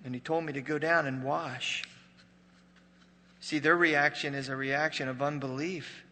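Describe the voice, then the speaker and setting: A man preaching a sermon with a slightly high, sharp and forceful voice. He tells the story like a joking, conversational storyteller and sinks to a hush at dramatic moments. The long reverb of a big hall trails after his words. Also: fairly even intonation, measured pace. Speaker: pastor.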